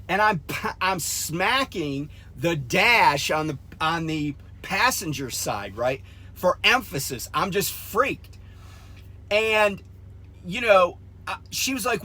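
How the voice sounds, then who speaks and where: A man, a truck driver trainer, telling a heated story in a vlog and shouting and swearing as he quotes himself. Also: sits high, expressive, slow.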